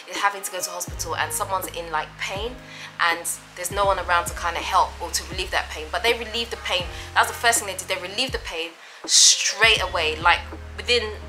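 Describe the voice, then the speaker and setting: A woman's voice: lowish voice, rough recording. A woman vlogger talking casually to camera, rambling and emphatic, often repeating herself. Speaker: vlogger and mother.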